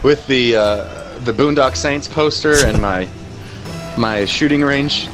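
A young man streaming a car soccer game, chatting casually with crude jokes and shouting at plays. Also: mid-range voice, slow pace, over music, poor audio.

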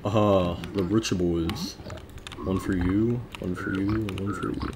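A man gives low-pitched, mumbled live commentary while he plays a video game. He talks half to himself and coaxes the game's creatures, with faint background noise and keyboard clicks under his voice. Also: fairly even intonation, measured pace. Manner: mutters to himself, coaxing and teasing game creatures. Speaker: gaming streamer.

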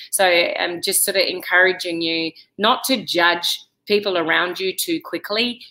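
A woman's voice: lowish voice, sharp tone, low-quality recording. A middle-aged woman talking casually to camera, giving advice in a chatty, direct way with lots of fillers. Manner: chatty, direct, with many "you know"s. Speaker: vlogger giving life advice.

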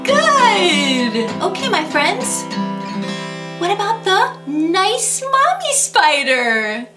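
A woman's voice: very high voice, very animated, very slow, roomy sound. A woman teaching a children's music lesson, cheerful and coaxing, talking straight to young kids. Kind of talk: kids' sing-along lesson.

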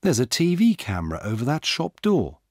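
A man's voice: medium pitch, huge pitch swings, moderate pace, a little mellow, husky, no room sound, studio quality, pitched above the performer's own voice, full character voice. A man reading the part of a woman police officer, alert and eager, with a raised voice. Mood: urgent.

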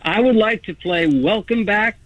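A man talks with a host in an admiring way, stumbling a little over his words. His voice is a bit high, and the sound is dry and close with no room around it. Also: normal speed, fairly bright tone, no echo, lo-fi sound. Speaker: caller. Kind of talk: on-air phone chat.

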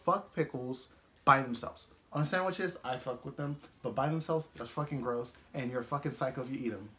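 A young man telling a casual storytime vlog, profane and animated, laughing often as he talks. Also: medium pitch, a little fast, slight background noise. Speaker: vlogger.

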